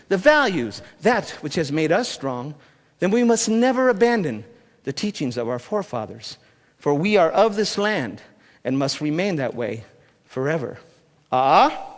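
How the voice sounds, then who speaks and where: Animated guy telling a story on stage, high voice, echoey big hall. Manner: animated, teasing the audience with asides. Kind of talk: live oral storytelling. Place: stage at a cultural gathering. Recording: long hall reverb.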